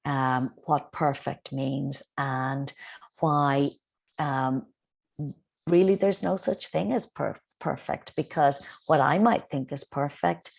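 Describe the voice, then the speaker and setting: A middle-aged woman, a Montessori teacher, calmly explaining parenting tips over a video call, with frequent ums. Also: low voice, vocal fry. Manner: calm, explanatory, with frequent ums and quoted child dialogue. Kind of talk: online parenting talk.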